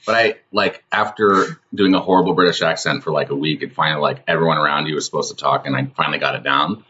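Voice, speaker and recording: Deep-voiced rambling comedy co-host, a man. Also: fairly even intonation, fast talker, bright, forceful tone, husky, muffled recording. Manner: rambling, full of "like". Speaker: podcast co-host. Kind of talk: casual comedy chat.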